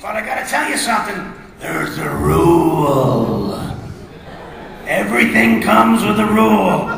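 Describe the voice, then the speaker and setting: Cartoon bully, middle-aged man, loud, blustery, high-pitched; a man doing the voice, in a roomy hall. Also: huge pitch swings, a little slow, creaky, crowd noise, exaggerated voice. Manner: yelling, blustery. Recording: echoey hall from far off, noisy.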